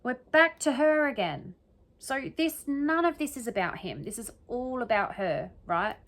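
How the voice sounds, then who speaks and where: A woman's voice: fairly high pitch, animated, unhurried, fairly bright tone. A woman giving casual solo commentary that analyzes the wording of an interview, thinking aloud and often checking in with "right?" and "okay?". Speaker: true crime commentator.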